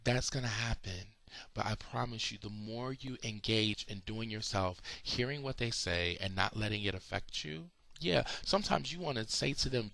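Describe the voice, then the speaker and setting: A sleepy man gives an encouraging personal video message as a motivational speaker. His low voice is bright and forceful, with a gravelly edge. It sounds dry and close, and he leans hard on the words he wants to stress. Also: no echo. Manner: emphatic, encouraging, slows down to stress points. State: sleepy, yawning.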